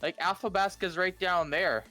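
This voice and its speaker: A man's voice: high voice, steady tone, moderate pace, sharp tone, faint music behind. A man from Alberta chatting on a stream, rambling, profane and easily sidetracked. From Alberta, Canada. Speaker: stream co-host. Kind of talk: casual stream chat.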